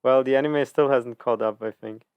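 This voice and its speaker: A man's voice: mid-range voice, fairly even intonation, normal speed, clear, resonant tone, dry recording, highs cut off. A man co-hosting a casual podcast, bantering in an easygoing, joking way. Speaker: podcast co-host. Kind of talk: casual chat.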